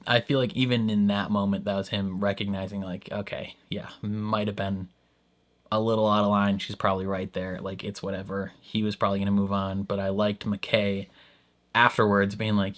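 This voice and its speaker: Low-voiced man rambling through a reaction. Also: flat delivery, normal speed. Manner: rambling, filler-heavy, laughs often. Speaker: reaction video host. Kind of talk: casual reaction commentary.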